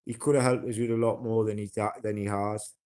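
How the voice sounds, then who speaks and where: A man's voice: on the low side, little pitch movement, fairly quick, darkish tone. A man with a broad Geordie accent chatting casually on a livestream, blunt and sweary, rambling with fillers and restarts. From North East England.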